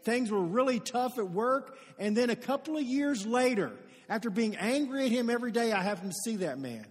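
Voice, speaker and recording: A man's voice: extremely high pitch, animated, fairly quick. A man preaching a sermon as pastor, telling stories earnestly and building to emphatic peaks. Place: church sanctuary. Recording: long reverb of a large hall.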